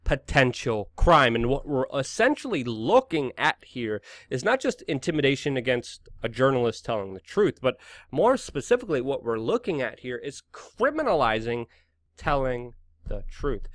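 A man's voice: mid-range voice, very animated, normal speed, fairly bright tone, no echo. Indignant male commentator, dry close sound. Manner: indignant, emphatic, sarcastic. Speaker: host. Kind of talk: opinionated news commentary.

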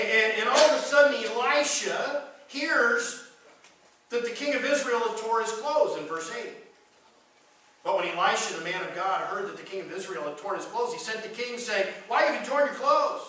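A man's voice: sits high, sharp tone. A man preaching a sermon, retelling a Bible story and acting out the quoted lines of its figures. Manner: retells scripture with dramatized quotes. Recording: echoey hall from far off.

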